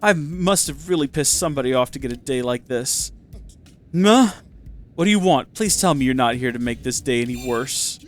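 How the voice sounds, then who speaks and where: A man's voice: mid-range voice, animated, normal speed, voice pushed down, natural voice. A man voicing a hotheaded, vain young man who rants in exasperation. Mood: angry, ranting. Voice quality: ranting, exasperated.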